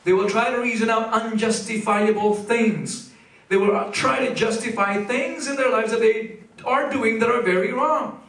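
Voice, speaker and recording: A middle-aged man preaching a sermon as pastor, animated and leading the congregation in call-and-response. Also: very high-pitched, moderate pace, reverberant, far from the mic, poor audio. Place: church sanctuary.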